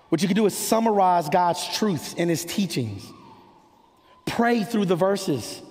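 High-voiced preacher in a reverberant hall. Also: male voice, vocal fry, a little mellow. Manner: impassioned, rhythmic preaching cadence. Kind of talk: sermon. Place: church sanctuary.

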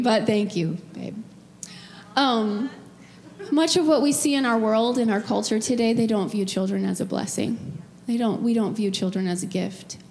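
In a church sanctuary, a middle-aged woman pastor delivers an emotional, personal sermon, telling her own stories and sometimes growing tearful. Her voice is mid-range, with slight background noise and a long hall reverb.

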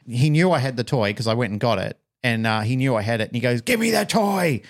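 A man's voice: mid-range voice, fast talker. A middle-aged Australian man on a podcast, casually telling a personal story and acting out the voices of people in it. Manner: animated storyteller, acts out quoted voices. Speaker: podcast co-host.

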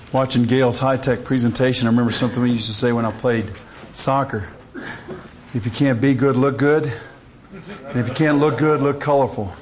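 A middle-aged man with a Southern Louisiana accent, a conference speaker giving a folksy talk, telling stories in a drawling, easygoing way. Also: mid-range voice. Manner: folksy storyteller, drawling asides. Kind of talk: folksy talk with a joke opener.

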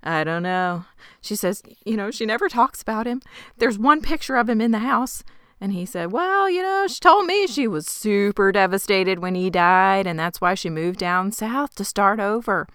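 Female podcast co-host, bright crisp voice, dry close sound, lively storyteller. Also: medium pitch, moderate pace, dry recording. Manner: animated storytelling, mimics characters. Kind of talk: casual recap chat.

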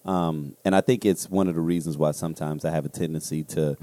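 A man in casual chat, throwing in joking asides and talking slowly when serious. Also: a bass voice, fairly even intonation, warm tone, no echo.

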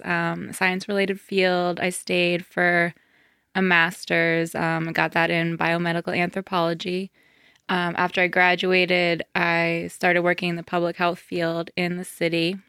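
A woman's voice: on the low side, level tone, slow, pushed and bright, smooth, dry recording, studio quality. A woman, a wedding planner telling her story as a podcast guest, chatty and full of "um" and "like". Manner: chatty, many fillers like um and like. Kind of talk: casual interview.

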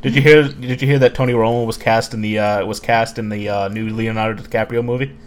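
A man's voice: fairly low pitch, fairly even intonation, fast, a little hiss or hum. A man co-hosting a gaming podcast in casual chat, jokey and playful, throwing in puns. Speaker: podcast co-host.

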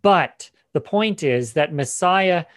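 This Bible teacher explains scripture passages in a teaching session, with frequent fillers and restarts. His voice is a little high, animated and slow, recorded with clean studio sound and no echo.

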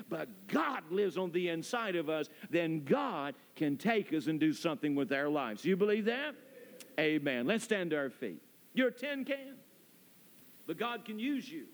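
A man preaching a sermon as pastor, building emphasis through repetition. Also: high-pitched. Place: church sanctuary. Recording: long reverb of a church hall.

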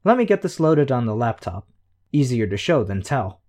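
A man voicing a smug, sharp-tongued young woman who talks in quick, know-it-all quips. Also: medium pitch, very animated, pitched above the performer's own voice, lightly acted.

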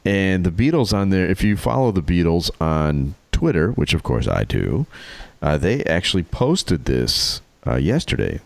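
A man's voice: low-pitched, big pitch swings, unhurried, gravelly, dry recording. A man co-hosting a podcast, telling wry jokes and stories in casual chat. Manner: joking, wry storyteller. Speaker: podcast co-host.

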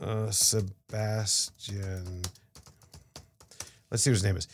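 Speaking slowly in a lowish voice, this podcast co-host rambles animatedly through a casual market chat, stammering into restarts and repeating himself. A little hiss or hum sits under the audio.

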